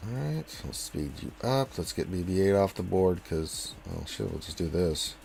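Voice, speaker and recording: A man streaming a game live and commenting as he plays. He jokes, talks to the characters on screen, and swings between loud excited calls and low muttering. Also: normal speed, gravelly. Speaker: gaming streamer.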